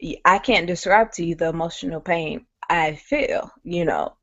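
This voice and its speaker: A woman's voice: on the low side, normal speed, hardly any pauses, fairly bright tone, no room sound. A woman sharing a personal story candidly on a webinar, talking conversationally with many fillers. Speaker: guest speaker. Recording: muffled lo-fi audio.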